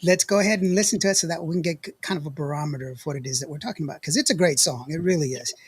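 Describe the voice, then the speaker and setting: A man's voice: fairly high pitch, very fast, husky, dry recording. A man hosting a podcast, chatting casually and greeting viewers who joined the stream. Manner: laid-back, reads viewer comments aloud. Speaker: podcast host.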